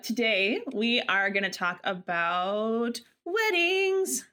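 A woman hosts a casual podcast chat about her job as a wedding photographer, giggly and easygoing, with fillers like "like." Her voice is fairly high, expressive and slow, with a pushed, bright, clean tone.

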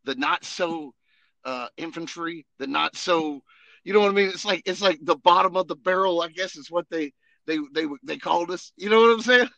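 A man's voice: fairly high pitch, normal speed, gravelly, a bit bright, no echo, dull audio. A man, a podcast host and Army veteran, telling rambling, profane stories in a casual chat full of fillers.

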